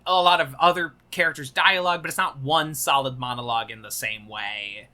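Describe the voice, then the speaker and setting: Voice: mid-range voice, fairly quick, bright, forceful tone. A co-host of a comedy podcast in casual chat, enthusiastic and swearing freely.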